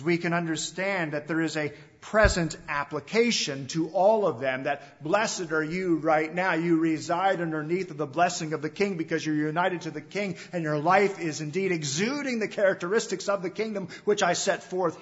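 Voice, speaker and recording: Emphatic preacher, dull lo-fi recording. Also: male voice, on the high side. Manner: emphatic preaching that swings between loud stresses and hushed, drawn-out endings; repeats phrases and asks the listeners direct questions. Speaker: pastor. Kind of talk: sermon.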